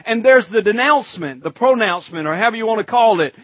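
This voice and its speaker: A pastor preaching a sermon in a conversational way, calling out to the congregation and reading scripture in old-fashioned wording. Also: male voice, high voice, expressive, fast talker, no room sound, dull audio.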